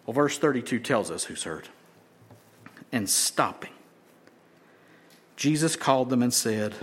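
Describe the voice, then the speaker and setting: A man preaching a sermon, acting out crowd voices and swinging from shouts down to whispers. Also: mid-range voice, normal speed, pauses often. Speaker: pastor.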